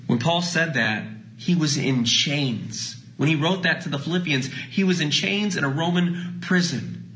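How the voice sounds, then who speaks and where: A pastor preaching a sermon, swinging between lively emphasis and soft, drawn-out phrases. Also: male voice, a little high, low-quality recording. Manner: dynamic preaching, drops to soft hushed phrases.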